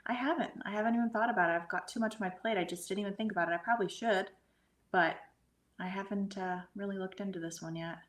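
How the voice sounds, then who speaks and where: A middle-aged woman telling a personal spiritual experience in an earnest way, sometimes sinking to a hushed whisper. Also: medium pitch, steady tone, fast. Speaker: guest medium and energy healer. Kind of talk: conversational storytelling.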